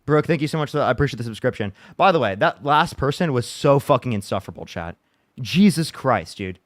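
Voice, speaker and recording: Streamer host, male, rapid frustrated chatter, swears and restarts a lot. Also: medium pitch, expressive. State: upset after a bad day. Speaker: livestream debate host. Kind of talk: casual livestream chat.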